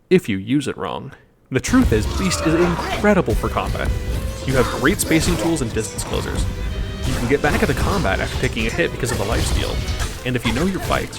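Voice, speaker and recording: A man's voice: medium pitch, gravelly. A man narrating a gameplay video voice-over in a wry, joking, explanatory way. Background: background music.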